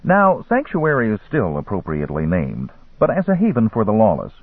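Husky lower-voiced guy reading a story, swings his pitch a ton, tinny phone sound. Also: huge pitch swings, moderate pace, no echo. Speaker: narrator. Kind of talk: audiobook narration. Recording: dry, phone-like narrow sound.

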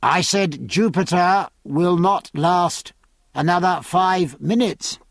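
A man's voice: on the high side, animated, a little fast, dry recording, clean studio sound. A man voicing a bellowing sea captain. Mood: dry, firm. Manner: bellowing hails over the noise. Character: commanding male sea captain, forceful.

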